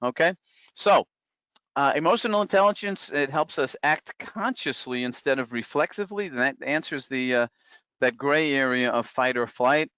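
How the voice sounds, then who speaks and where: A man's voice: medium pitch, moderate pace, a bit bright, clear, resonant tone, no room sound, highs cut off. A man presenting a live online talk, speaking conversationally with many fillers and restarts, and reading out comments from the chat. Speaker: webinar presenter.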